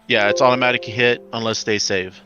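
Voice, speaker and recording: A man's voice: mid-range voice, fairly even intonation, brisk. A man playing in a tabletop game, reading spell rules aloud in an unsure way. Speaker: player. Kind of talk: casual tabletop game talk. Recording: dull lo-fi microphone.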